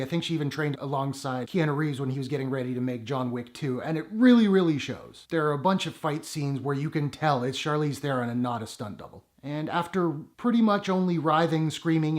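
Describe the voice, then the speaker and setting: Man, movie review vlog, casual, wry, sarcastic, slightly high voice. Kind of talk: casual spoken review to camera.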